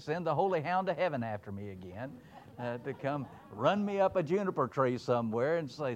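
A man's voice: on the high side, animated, normal speed, a little hiss or hum. A man preaching a folksy, emphatic sermon, reading scripture aloud and voicing God in playful asides.

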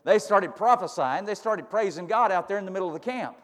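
High-voiced preacher in a reverberant hall. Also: male voice, lively intonation, brisk. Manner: rising to fervent emphasis, folksy retelling with repeated phrases. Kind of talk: sermon.

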